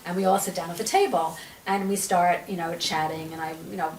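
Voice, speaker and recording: In a podcast interview, a woman guest who works as an energy healer and author narrates with energy, dramatizing the dialogue she quotes. Her voice is on the low side and fairly quick. There's a little hiss or hum, the room echoes, and she's slightly distant from the mic.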